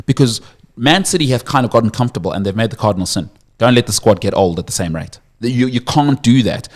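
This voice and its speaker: A man's voice: mid-range voice, lively intonation, quick pace. A man hosting a sports radio show, giving blunt opinions and reading out the phone number for callers. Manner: emphatic, opinionated, repeats words. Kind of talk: casual sports talk.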